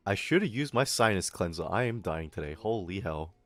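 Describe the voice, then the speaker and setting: A man's voice: sits low, dry recording. A young man chatting casually on a live stream, rambling and swearing, laughing often, in his put-on streamer voice. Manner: rambling, profane, quick to laugh.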